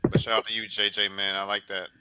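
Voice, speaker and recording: A man hosting a sports podcast interview, talking in a loose, encouraging, coach-like way and beating out rhythms with repeated boom sounds. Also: completely flat delivery, fast, background noise. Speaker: podcast host. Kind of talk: casual sports interview chat.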